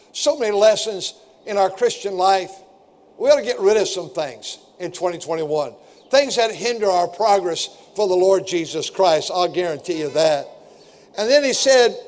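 A man preaching a fervent sermon and reading scripture aloud to his congregation. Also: sits high. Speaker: pastor.

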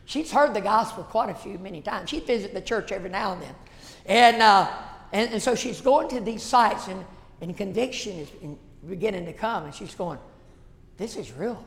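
A man, a pastor telling a folksy story in a sermon that builds to shouted passion. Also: high-pitched, normal speed. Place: church sanctuary. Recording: echoey church hall.

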